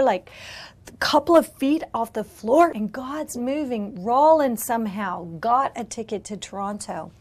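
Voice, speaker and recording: A woman's voice: on the high side, darkish tone. A middle-aged woman missionary giving a spoken testimony, emotional, often dropping into whispers. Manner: emotional, drops into whispers at tender moments.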